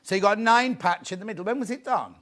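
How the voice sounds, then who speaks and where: A man hosting a live shopping show, chatty and excitable, often repeating his phrases. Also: sits high, quick pace. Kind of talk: live sales presentation.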